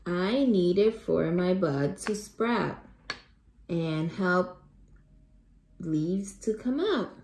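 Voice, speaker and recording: A woman's voice: fairly low pitch, expressive, very slow, long pauses, darkish tone, echoey room, slight background noise, exaggerated voice. A woman voicing a big tree trunk that loves the rain, reading a storybook aloud to children. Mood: proud.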